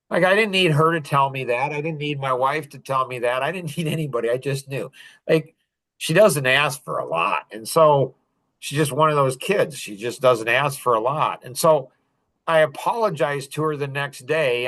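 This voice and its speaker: A middle-aged podcast host tells a personal story in a casual, earnest and confessional way, slipping small laughs between phrases. His voice is fairly high and fairly bright, with lively intonation at a normal speed.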